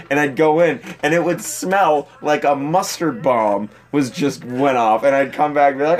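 Male podcast co-host, crude, joking, asks quick questions in casual chat. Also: fairly high pitch.

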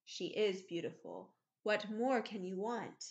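A woman reading aloud, voicing a worldly, languid aristocratic gentleman with an airy, epigrammatic delivery. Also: medium pitch, sing-song, a little slow. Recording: slightly muffled recording.

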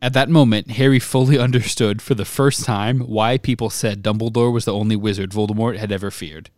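A man co-hosting a podcast, reading a novel aloud with steady expression and breaking off to chat and laugh. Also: medium pitch, dry recording, clean studio sound.

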